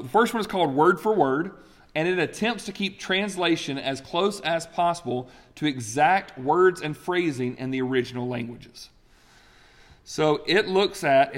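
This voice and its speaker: Emphatic man preaching in an echoing hall. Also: a little high. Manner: animated, emphatic, many fillers and restarts. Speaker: pastor. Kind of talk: sermon teaching with slides.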